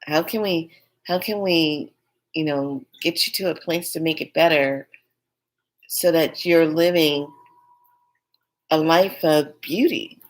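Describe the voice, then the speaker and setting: A woman's voice: deep voice, slow pace, long pauses. A woman telling a personal story in a candid, rambling, emphatic way. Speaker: spiritual vlogger.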